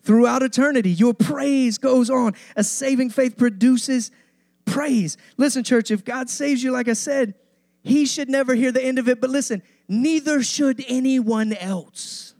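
A man with a high, bright-sounding voice preaches to his congregation, hammering his lines through repetition and climbing emphasis. The sound is close and dry, with no room around it. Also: unhurried, dry recording. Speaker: pastor. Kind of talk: sermon.

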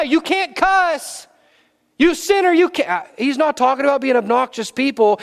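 Male preacher, high voice, rising exhortation with hushed asides. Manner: swings between loud exhortation and low, dropped asides. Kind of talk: sermon.

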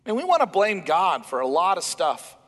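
A male pastor preaches in an animated, emphatic way, acting out lines of dialogue as he goes. His voice sits high for a man and carries the long reverb of a large church hall. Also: moderate pace. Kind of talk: sermon.

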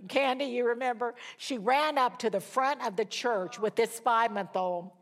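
Older woman, slightly high voice, Bible study teacher, sermon style, animated storytelling, laughs as she speaks. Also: normal speed. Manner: animated storyteller who acts out quoted voices; laughs while telling stories.

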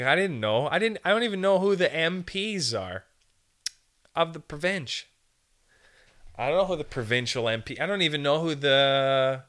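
A man's voice: fairly high pitch, sharp tone. A young man hosting a podcast, rambling through a jokey casual monologue and slipping into put-on voices now and then. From Canada. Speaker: podcast host.

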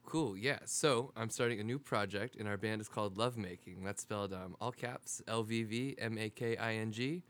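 A man chatting as a guest musician, relaxed and soft-spoken. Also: lowish voice, brisk, few pauses. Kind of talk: casual interview chat.

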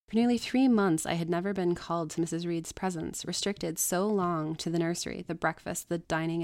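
A woman's voice: fairly low pitch, darkish tone, no echo. A woman hosting a podcast, reading a classic novel aloud with expression and breaking off to chat.

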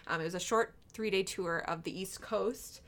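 A woman's voice: medium pitch, moderate pace. A woman co-hosting a casual chat, rambling with many fillers and restarts. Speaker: podcast co-host.

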